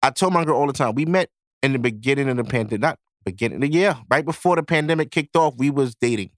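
A man's voice: mid-range voice, lively intonation, fast, dry recording, studio quality. A young man hosting a podcast, giving blunt, profanity-laced advice in a casual monologue. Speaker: podcast host.

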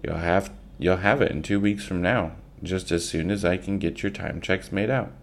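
A man reading a storybook aloud and voicing a calm, firm frontier father who speaks coolly and steadily. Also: low voice, normal speed. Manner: cool, steady and quiet.

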